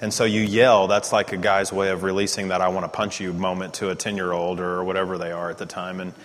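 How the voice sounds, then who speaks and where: A middle-aged man giving a casual teaching talk on parenting, animated and self-mocking. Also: sits low, brisk, in a large hall, slight background noise. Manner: animated storytelling, laughs at himself.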